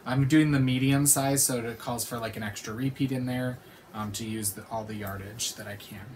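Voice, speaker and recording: A woman's voice: very deep voice, steady tone, normal speed, a little mellow, slight background noise. A woman hosting a knitting podcast, chatting casually and teasingly, laughing often. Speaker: podcast host. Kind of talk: casual chat.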